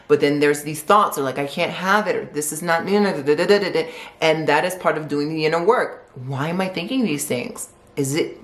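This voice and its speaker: A woman's voice: sits low, roomy sound. A woman giving a tarot forecast, asking a string of reflective rhetorical questions. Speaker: tarot reader.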